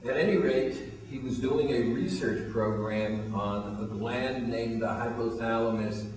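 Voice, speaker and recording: A man's voice: mid-range voice, a little slow, darkish tone. Older guy spinning a story on a talk show, voices the other people's lines, sounds kinda far off in a big echoey room. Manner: anecdotal, acts out quoted dialogue. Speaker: guest, weight loss program founder. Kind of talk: storytelling interview.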